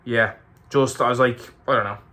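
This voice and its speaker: Candid Irish man with a bright voice. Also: medium pitch, fairly even intonation, moderate pace. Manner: candid and emotional, swears freely. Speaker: ultramarathon runner vlogger. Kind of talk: casual race recap to camera.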